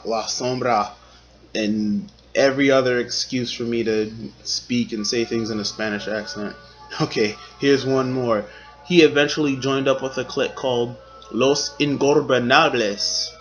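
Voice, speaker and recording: A man's voice: mid-range voice, fairly bright tone, rough recording. A man giving casual, rambling commentary on his favorite wrestlers, talking in slang and filling gaps with "like" and "um". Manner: laid-back, slangy, rambling with fillers.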